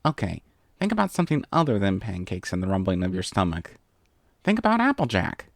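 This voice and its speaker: A man's voice: low-pitched, huge pitch swings, a little fast, vocal fry, dry recording, studio quality, heavily acted. A man voicing a brash tomboyish young female pegasus pony who coaxes and pleads, from a storybook reading. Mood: muttering to self. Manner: cocky, pleading, wheedling.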